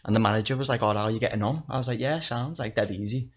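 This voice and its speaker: A man's voice: on the low side, rapid-fire. Young guy telling stories, swears a lot, laughs at himself. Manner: swearing, laughing through his own stories. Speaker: podcast guest. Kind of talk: casual storytelling chat.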